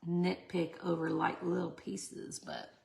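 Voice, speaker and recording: Chatty woman with a gravelly edge. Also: lowish voice, steady tone, slow, darkish tone, slight background noise. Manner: chatty, laughs often, talks to viewers. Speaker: resin art tutorial host. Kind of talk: casual livestream craft tutorial.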